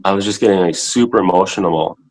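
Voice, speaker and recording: A man in his thirties with a very low voice talks as a podcast guest. His speech is halting and full of filler words. When he repeats what he once said, he turns lively. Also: poor audio. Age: 30s. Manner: halting, heavy with filler words, animated when quoting himself. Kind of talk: casual interview talk. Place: home, in a child's room.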